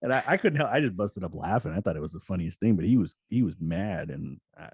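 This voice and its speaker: A man hosting a casual gaming podcast, telling stories with lots of chuckles and sudden jumps in pitch when he acts out what others said. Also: quick pace, breathy edge. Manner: chuckling storyteller, animated swings in pitch when retelling. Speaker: podcast host.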